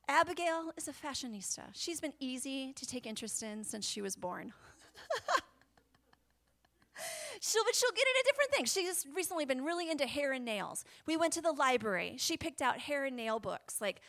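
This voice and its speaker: A woman preaching a sermon, animated and chatty, often dropping to a whisper and laughing. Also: high-pitched, normal speed, pauses often.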